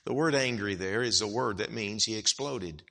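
Bright-voiced preacher swinging loud and soft. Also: male voice, on the low side, moderate pace, vocal fry. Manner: dynamic swings from hushed to loud emphatic. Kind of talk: evangelical sermon.

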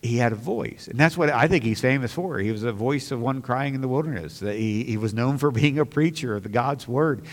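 A man's voice: mid-range voice, a little fast, hardly any pauses. A man preaching a sermon in an earnest way that rises into impassioned bursts. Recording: long hall reverb.

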